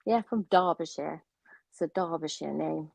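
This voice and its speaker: A middle-aged woman talks as a guest, friendly and easygoing, with a lowish voice. Her sound is dry and close, with no room echo. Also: normal speed, gravelly, darkish tone. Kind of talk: casual chat.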